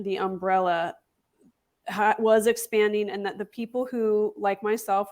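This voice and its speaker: A woman's voice: medium pitch, a little mellow. A woman guest in an interview, articulate and assured, explaining her views at length. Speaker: podcast host guest. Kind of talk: interview answers.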